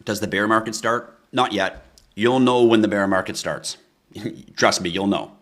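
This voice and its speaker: A man's voice: fairly low pitch, unhurried, a bit bright. A man hosting a live crypto stream, talking bluntly to his chat viewers and ranting at times. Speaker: livestream host.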